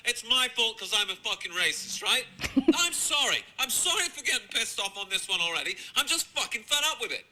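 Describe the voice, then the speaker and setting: Sarcastic, high-voiced British comedian ranting. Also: male voice, pushed and bright, poor audio. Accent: British English. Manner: sarcastic, profane, mocking. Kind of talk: ranting commentary over video clips.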